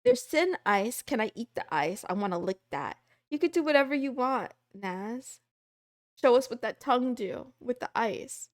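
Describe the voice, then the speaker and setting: A woman's voice: fairly high pitch, lively intonation, dry recording, clean studio sound. Playful, rambling woman streamer. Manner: rambling, playful, quick asides to chat. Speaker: VTuber streamer. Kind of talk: casual livestream chat.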